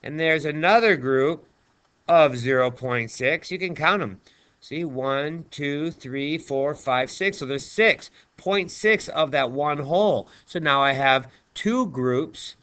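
A man's voice: fairly high pitch, slow, a bit bright, smooth. A male math teacher talking through a screen-recorded lesson in a chatty, playful way, chatting to himself as he writes.

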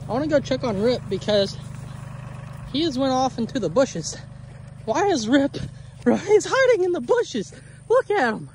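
High-voiced woman chatting to her cattle. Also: very animated, moderate pace, pauses often. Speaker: homesteader vlogger. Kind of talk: casual farm vlog narration. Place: outdoors on a pasture with cattle. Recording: outdoor recording with loud engine noise.

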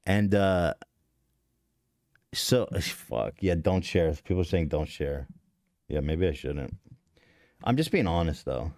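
This thirty-something podcast host has a bass voice that's a little mellow, and he takes things slowly with long pauses. Telling a story casually to stream chat, he rambles, curses, mocks himself, and often restarts, with no room sound in the recording.

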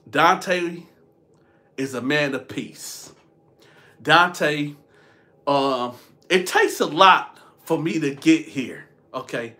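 High, bright-voiced man telling a story. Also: extremely slow, long pauses. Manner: animated, addresses viewers directly. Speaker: storytelling vlogger. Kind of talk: casual storytime.

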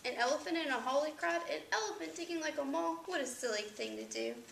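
Storybook turtle, slow and sensible, voiced by a woman; high and a little gravelly. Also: wildly swooping pitch, a bit bright, roomy sound, slight background noise, heavily acted. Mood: surprised.

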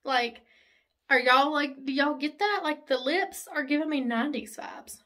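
A young-sounding woman talks through her makeup in a high, bright voice. She gushes and chatters excitedly in a casual, chatty way. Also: normal speed. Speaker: makeup vlogger. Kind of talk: casual get-ready-with-me chat.

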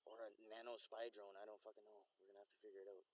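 Brief: young adult male vlogger, loose rambling delivery, heavy swearing, quick to get excited, outdoors. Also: on the low side. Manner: profane, rambling, easily excited, repeats himself. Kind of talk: rambling casual monologue to camera.

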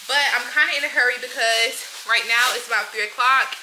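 Rushed, chatty young woman vlogging. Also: fairly high pitch, sharp tone. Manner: chatty, rushed, addresses viewers as y'all. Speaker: vlogger, nursing student. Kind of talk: casual vlog chat. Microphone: compact camera. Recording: echoey room with clear background noise.

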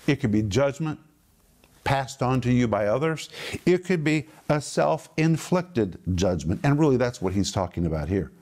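A middle-aged man giving a television Bible teaching, emphatic, repeating phrases for stress and slowing down on key words. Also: medium pitch, lively intonation, a little mellow.

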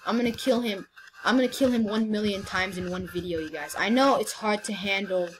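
A woman's voice: medium pitch, brisk, over music, low-quality recording. A young woman giving casual, teasing commentary while playing a game, often stumbling over her words. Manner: playful, teasing, stammering restarts. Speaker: gameplay commentator.

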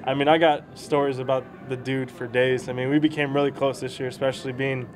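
A young man talks at a rapid clip, rambling through baseball stories with easy laughter. His pitch sits in the middle of the male range. He is a prospect chatting with an interviewer. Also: little pitch movement. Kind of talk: casual storytelling interview.

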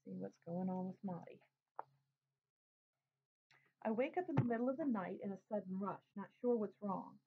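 A woman reading a novel aloud in a plain, unhurried way. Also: medium pitch, a little hiss or hum. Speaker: reader. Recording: tinny phone-like sound.

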